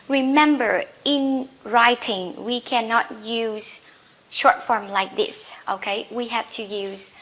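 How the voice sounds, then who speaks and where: Woman English teacher, slightly high voice, slow deliberate repetition drills. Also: fairly bright tone. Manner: repeats each word slowly for learners to copy; ends points with a checking "okay?".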